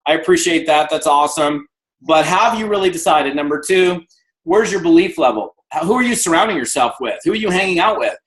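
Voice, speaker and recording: A man in his fifties giving an energetic motivational talk on a video call, acting out the voices in his stories. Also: fairly high pitch, a little fast, rough recording. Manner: energetic storyteller, acts out dialogue. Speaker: guest speaker.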